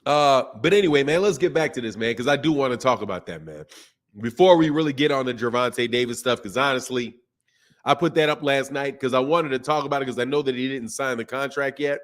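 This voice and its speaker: A man's voice: medium pitch, fairly quick. A man with a Southern US accent hosting a boxing live stream, talking casually and reading out chat messages in a laid-back, slangy way. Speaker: boxing channel host.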